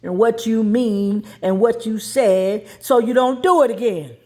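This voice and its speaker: A woman's voice: a little high, unhurried, dark tone, pitched below the performer's own voice, lightly acted. A woman voicing her weary son, who complains that he is tired of her explanations. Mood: fed up. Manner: fed-up, complaining. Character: weary young son pushing back at his mother.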